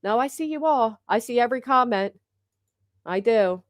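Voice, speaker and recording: A woman's voice: on the high side, lively intonation, normal speed, no echo, studio quality. A woman in her thirties hosting a livestream, bantering casually with her chat in a brash, teasing way and swearing freely. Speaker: livestream host.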